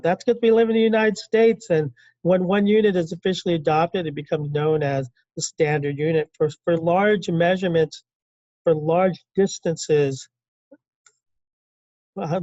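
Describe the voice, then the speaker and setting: A man teaching a classroom lecture in a conversational way, asking the class questions and acting out quick quotes. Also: fairly high pitch, darkish tone, no room sound, muffled recording. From California.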